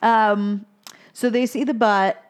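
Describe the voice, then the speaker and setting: A woman's voice: mid-range voice, fairly even intonation, slow, smooth. A woman co-hosting a podcast, chatting casually as she recaps a film, swearing freely and briefly acting out characters' lines. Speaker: podcast co-host.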